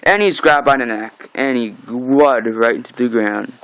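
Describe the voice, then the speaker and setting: A man's voice: mid-range voice, measured pace, a little hiss or hum, poor audio. A man giving a casual comic book recap, reading the dialogue aloud in an offhand way, with frequent "uh"s and "like"s. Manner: reads the dialogue aloud in a flat, offhand way, with many "uh"s and "like"s.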